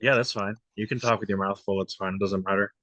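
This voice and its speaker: A man's voice: fairly low pitch, fairly even intonation, fast, bright, forceful tone, no room sound, lo-fi sound. A young man interviewing his former coach for a class, friendly and informal, reading questions off a list. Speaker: student interviewer. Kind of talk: casual interview.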